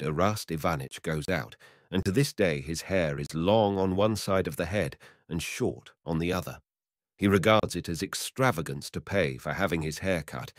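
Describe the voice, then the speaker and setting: Deep-voiced man reading a short story. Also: no echo, clean studio sound. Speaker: narrator.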